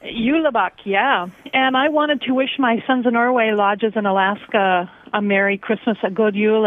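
A woman calling a radio show to send holiday greetings, cheerful and brisk. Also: mid-range voice, no room sound. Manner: cheerful, lists names briskly. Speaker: caller. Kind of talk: call-in greetings. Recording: tinny phone line.

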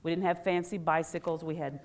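A middle-aged woman and former teacher giving a lively workshop talk, quizzing the audience and leading call-and-response. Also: low voice, a little fast. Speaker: educator and workshop speaker.

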